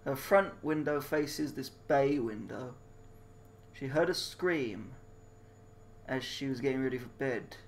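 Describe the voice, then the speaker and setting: A man's voice: medium pitch, slow, pauses often, a little hiss or hum. A man reading a mystery game aloud with crude, confused, mocking asides. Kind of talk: casual game commentary.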